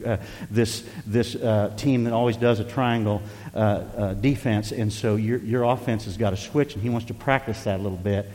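An older man preaching a folksy sermon as pastor, rising to loud emphasis and dropping to quiet asides. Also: on the low side, in a large hall. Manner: folksy, varies loudness for emphasis, occasional chuckles.

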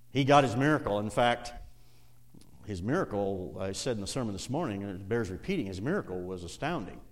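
An animated middle-aged preacher gives an evening sermon in a mid-pitched voice, laughing often between lines. He moves from quiet, low asides to loud, climbing passages.

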